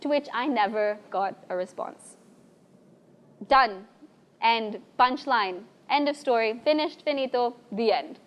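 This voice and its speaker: Lively young woman telling a stage story. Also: fairly high pitch, unhurried, highs cut off. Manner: lively, animated, acts out quoted voices. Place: bar stage before an audience.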